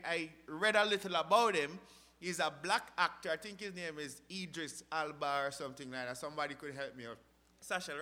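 A man preaching a sermon, asking rhetorical questions and swinging from loud, impassioned rises to quiet drops. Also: sits high. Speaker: pastor.

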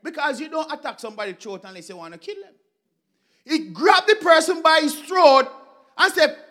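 A man preaching a sermon, telling a Bible story with animated swings between loud bursts and quiet asides. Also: very high voice, normal speed.

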